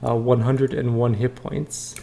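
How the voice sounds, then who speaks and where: A man's voice: mid-range voice, flat delivery, unhurried, vocal fry, mellow. A man hosting a let's play, giving casual game commentary with wry asides and reading the dialogue aloud.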